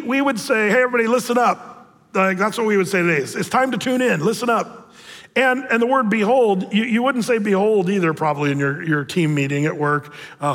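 A man preaching a sermon as a pastor, speaking conversationally with frequent fillers and restarts, and slowing down when he reads scripture. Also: high-pitched, a bit bright, big-room sound. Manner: conversational, with many fillers and repeated starts; slows down for scripture reading. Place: church sanctuary.

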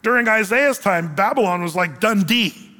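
Bright-voiced preacher in a reverberant hall. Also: male voice, high-pitched, normal speed. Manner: conversational, animated preaching with casual asides. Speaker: pastor. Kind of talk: sermon. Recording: long reverb of a large hall.

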